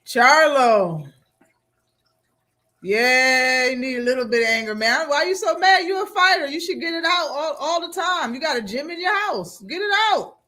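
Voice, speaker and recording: A man's voice: very high voice, expressive, normal speed, pushed and bright. A man hosting a live boxing talk stream, reacting casually with slang and frequent laughter.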